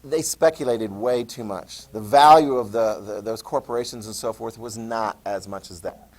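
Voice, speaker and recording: A man teaching a high school history lesson in a casual lecture style, full of sarcastic asides and telling students to write things down. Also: normal speed.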